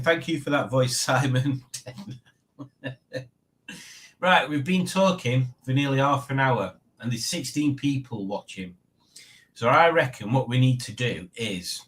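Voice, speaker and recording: Rambling, animated man hosting a stream. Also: mid-range voice, measured pace. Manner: rambling, self-mocking, chatty with viewers. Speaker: livestream host. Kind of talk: casual chat.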